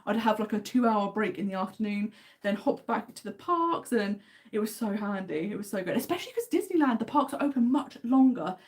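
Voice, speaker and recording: A woman's voice: medium pitch, lively intonation, a little fast. An English woman with an English accent, hosting a casual livestream and chatting enthusiastically while answering viewer comments. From England. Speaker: livestream host.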